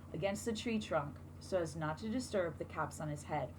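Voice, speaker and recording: A woman teacher reading a picture book aloud to children, expressive and asking them questions along the way. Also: on the low side, normal speed, hardly any pauses, slight background noise, low-quality recording.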